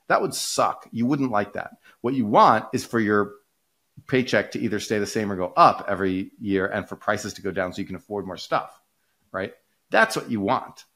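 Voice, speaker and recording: A man with a lowish voice talks through economic ideas like a relaxed podcast host. He rambles, restarts his sentences and stacks up fillers, picking up speed when an idea grabs him. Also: normal speed. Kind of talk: casual conversational explaining.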